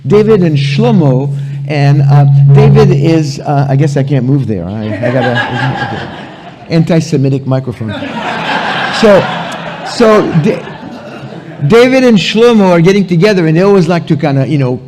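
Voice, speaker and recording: A man's voice: on the high side, animated, moderate pace, in a large hall, heavy background noise. A man giving a conference talk in a church, joking around and filling his sentences with "you know.". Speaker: conference speaker, ministry founder. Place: church hall.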